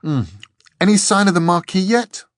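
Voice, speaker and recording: A man voicing a lively, cheerful young woman in an audiobook. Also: high-pitched, moderate pace, no room sound, clean studio sound, voice pushed up, lightly acted. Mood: eager. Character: bright eager young woman.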